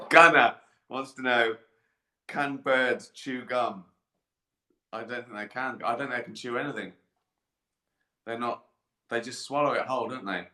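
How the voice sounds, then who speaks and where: A man's voice: medium pitch, measured pace, pauses often, pushed and bright, roomy sound. A middle-aged man hosting a casual live stream, answering viewer questions in a rambling, jokey way and laughing at his own jokes.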